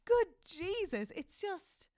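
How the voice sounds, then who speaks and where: A woman's voice: very high voice, big pitch swings, slow, warm tone, no echo. A woman co-hosting a podcast, chatting casually and acting out scenes in quoted voices. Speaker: podcast co-host. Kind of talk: casual chat. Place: studio. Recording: dry studio sound.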